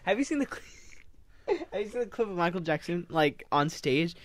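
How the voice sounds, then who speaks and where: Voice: medium pitch, expressive, fairly quick. A podcast host telling a story in casual chat, laughing mid-sentence.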